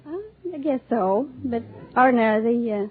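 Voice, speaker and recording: A woman's voice: fairly high pitch, moderate pace, a crowd in the background. Hesitant woman from Scotland on old radio. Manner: shy, hesitant, giggly. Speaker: quiz show contestant. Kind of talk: unscripted interview answers. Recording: tinny old radio broadcast with studio audience.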